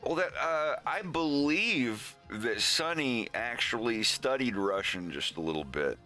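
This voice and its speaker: A man's voice: mid-range voice, expressive, unhurried, bright, forceful tone, faint music behind. A man hosting a casual livestream, chatting in a rambling way with frequent laughs. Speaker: animator and show host.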